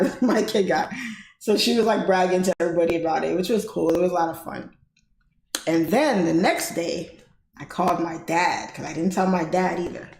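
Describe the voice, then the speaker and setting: A woman's voice: medium pitch, darkish tone, a little hiss or hum. Chatty lady telling a story on her stream, laughs a lot, echoey room. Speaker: trading livestream host. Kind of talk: casual storytelling. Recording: roomy echo.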